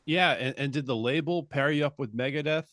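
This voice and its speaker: A man hosting a podcast, asking relaxed, conversational questions. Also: medium pitch, a little fast, no echo, studio quality. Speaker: podcast host. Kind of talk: casual interview.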